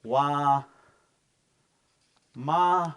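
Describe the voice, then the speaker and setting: A middle-aged man teaching a language class in a relaxed, chatty way. He slowly repeats words for the learners to practice. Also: fairly high pitch, clear, resonant tone. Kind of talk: casual language lesson.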